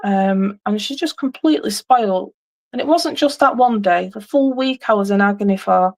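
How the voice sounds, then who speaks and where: A woman's voice: medium pitch, moderate pace. Rambling woman telling a story. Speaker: livestream host. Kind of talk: casual chat on a livestream.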